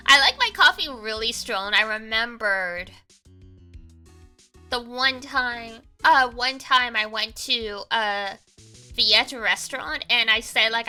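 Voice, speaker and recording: A woman's voice: fairly high pitch, bright, forceful tone. A young woman streaming a game, chatting casually, giggling and saying "like" often. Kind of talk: casual gameplay commentary.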